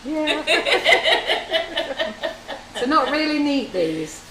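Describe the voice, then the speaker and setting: A woman's voice: medium pitch, fairly quick, fairly bright tone, echoey room, a little hiss or hum, poor audio. A woman hosting a live baking demonstration, chatting, telling stories and teasing her viewers as she works. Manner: chatty, jokey storyteller who teases viewers. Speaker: baker demonstrating on a livestream. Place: home-style kitchen studio.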